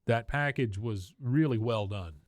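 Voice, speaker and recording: A man's voice: mid-range voice, a little slow, no room sound, studio quality. Chuckling man recapping a cartoon episode. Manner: lively retelling, chuckling often. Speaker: podcast co-host. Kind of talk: casual episode recap chat.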